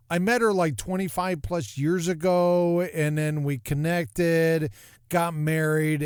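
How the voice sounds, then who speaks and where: Brief: middle-aged male podcast host, playful and self-mocking, slightly high voice, dry close sound. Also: dry recording. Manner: jokey, self-mocking, animated. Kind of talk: casual comedic podcast monologue.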